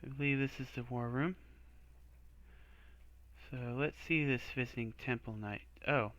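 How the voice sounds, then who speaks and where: A man's voice: medium pitch, normal speed, fairly bright tone. A man streaming a game, reading its dialogue and adding wry, joking asides. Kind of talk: playthrough commentary and reading dialogue.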